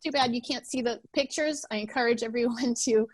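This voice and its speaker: A woman's voice: a little high, brisk, dry recording. A woman being interviewed on a podcast over a video call, talking casually with many restarts. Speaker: podcast guest.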